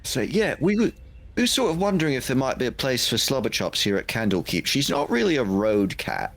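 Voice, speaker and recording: A man's voice: medium pitch, sing-song, brisk, vocal fry. A man role-playing at a tabletop game, speaking politely and a little hesitantly. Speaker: player.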